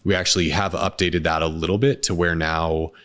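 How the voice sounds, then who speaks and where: A man, a restaurant co-founder, talking casually in an interview, relaxed and rambling with many restarts. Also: low voice, brisk.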